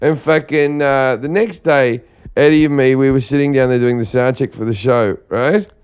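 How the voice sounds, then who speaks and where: A man telling a comic story in casual podcast chat, animated, acting out voices and laughing often. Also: medium pitch, normal speed, smooth.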